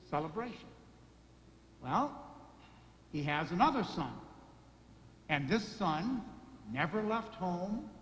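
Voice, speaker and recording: A man's voice: sits high, fairly bright tone. A male priest giving a sermon, stacking short emphatic lists and rhetorical questions. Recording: echoey hall reverb, faint ambience.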